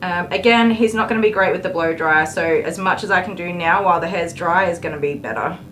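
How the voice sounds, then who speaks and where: A woman's voice: fairly low pitch, brisk, background noise. An Australian woman working as a dog groomer on a live stream. She jokes with viewers and soothes the dog with baby talk.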